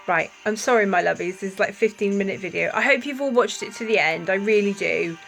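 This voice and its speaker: A woman's voice: medium pitch, brisk, gravelly, a bit bright, faint music behind, poor audio. A woman talking to camera in a casual vlog, emphatic and indignant with apologetic asides. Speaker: vlogger.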